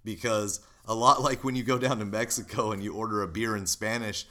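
A man's voice: lowish voice, fairly even intonation, a little fast, sharp tone. A man co-hosting a podcast, talking casually and rambling with lots of fillers. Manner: rambling, filler-heavy, laughs easily. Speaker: podcast co-host, call center owner.

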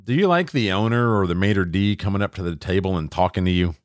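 A man's voice: low voice, fast talker, no room sound, clean studio sound. A middle-aged man co-hosting a podcast, swearing freely as he rants and mimics people in casual chat. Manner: profane, ranting, acts out quoted voices. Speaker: podcast co-host.

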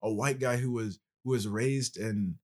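A man's voice: medium pitch, fairly even intonation, measured pace. A male podcast host in casual conversation, explaining at length with passion.

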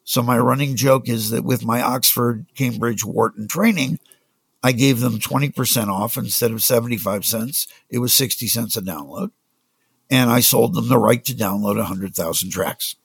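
A man's voice: medium pitch, moderate pace, vocal fry, slightly rough, no room sound. A man and music industry executive, a guest telling anecdotes in conversation and acting out the dialogue. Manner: anecdotal, acts out quoted dialogue. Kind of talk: conversational storytelling.

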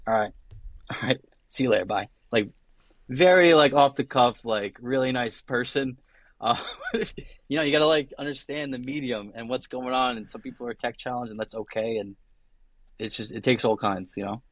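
A man's voice: medium pitch, moderate pace, no echo. A young adult man, a guest attorney, talking casually on a podcast, chatty and full of tangents and acted-out quotes.

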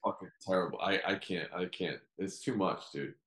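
A man's voice: low-pitched, normal speed, a bit bright. A man co-hosting a podcast, chatting casually with blunt, teasing remarks. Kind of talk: casual chat. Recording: roomy echo.

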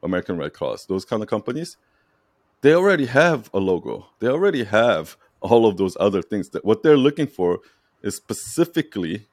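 A man's voice: fairly low pitch, sing-song, fairly quick, a little mellow, no room sound, studio quality. A man coaching a client in casual talk, emphatic and repetitive, checking in with "right?" and laughing lightly. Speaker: brand strategy coach.

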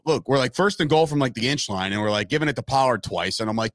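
A man's voice: medium pitch, expressive, quick pace, a bit bright, no room sound, studio quality. A man giving emphatic, profane opinions as a podcast co-host in casual sports chat.

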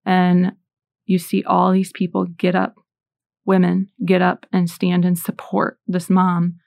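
Woman in her forties for a faith talk: earnest storytelling with scripture readings, lowish voice, dry and close. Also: monotone, takes it slowly, vocal fry, a little mellow, dry recording. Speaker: Catholic speaker. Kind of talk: faith talk with personal stories.

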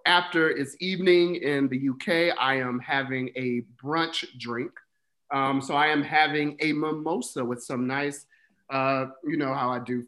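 A man co-hosting a podcast, chatting in a playful, relaxed way. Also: fairly high pitch. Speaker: podcast co-host. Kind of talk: casual podcast chat.

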